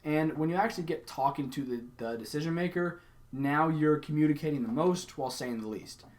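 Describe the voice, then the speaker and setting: A man's voice: fairly high pitch, a little fast, a little mellow. A young adult man giving a casual, conversational sales lesson, acting out sample phone lines as he explains them. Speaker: sales coach. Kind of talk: casual instructional talk.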